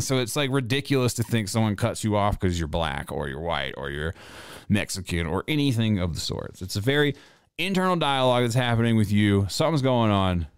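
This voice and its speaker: A man's voice: mid-range voice, clear, resonant tone, dry recording, studio quality. A man in his thirties hosting a podcast, telling a story in casual, rambling talk full of swearing. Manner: profane, rambling, animated storyteller. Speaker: podcast host.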